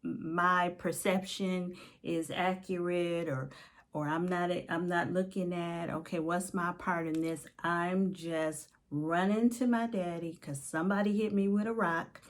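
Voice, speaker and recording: A middle-aged woman coach speaks slowly and gently in a lowish voice, sharing her faith and journal prayers. Her tone is confiding and tender, now and then sinking almost to a whisper. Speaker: life coach. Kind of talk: personal faith reflection, reading from her journal.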